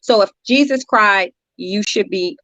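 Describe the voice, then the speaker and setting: A woman guest counselor talking earnestly in an interview, telling stories with lively repetitions. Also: medium pitch, measured pace, no echo. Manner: earnest, animated storytelling with repetitions. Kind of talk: conversational interview talk. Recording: dry, dull lo-fi audio.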